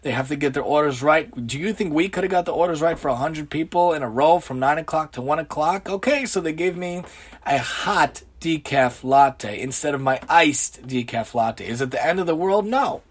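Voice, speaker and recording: Man, religious lecturer, earnest, rhetorical questions, Hebrew and Yiddish terms, fairly high voice. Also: animated, moderate pace, husky. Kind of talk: Torah lecture on everyday conduct.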